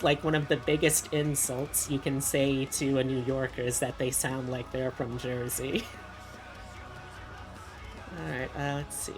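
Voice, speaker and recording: Low, slow-talking woman streamer. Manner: chatty and rambling, with frequent fillers and asides. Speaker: VTuber streamer. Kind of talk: casual chat while drawing on stream.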